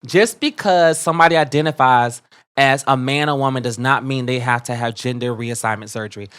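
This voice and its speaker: A man co-hosting a podcast, ranting in heated, profane commentary with sudden loud outbursts. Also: medium pitch, steady tone, brisk, clear, resonant tone. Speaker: podcast co-host.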